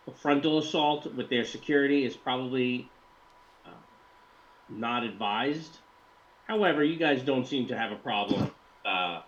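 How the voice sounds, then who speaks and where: A man narrating as game master in an online tabletop game, relaxed and filling pauses with ums and uhs. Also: mid-range voice, muffled recording.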